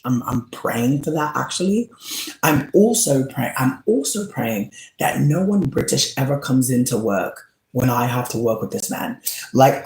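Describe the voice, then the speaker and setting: A man streaming and chatting with viewers, rambling and swearing with many fillers, often laughing as he talks. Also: mid-range voice. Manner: rambling, profane, full of "like" fillers; laughs often while talking. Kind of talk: casual livestream chat. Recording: roomy echo.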